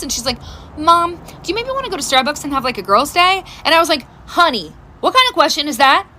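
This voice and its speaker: High bright woman, lively mother storyteller, faint background hum. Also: quick pace. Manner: animated, laughing storyteller. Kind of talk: storytime monologue.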